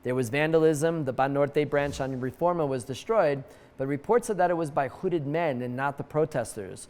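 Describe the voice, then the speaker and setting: Wry male news-show host, higher voice. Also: a little mellow, big-room sound. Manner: wry, jokey asides with quick put-on voices. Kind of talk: comedic news monologue.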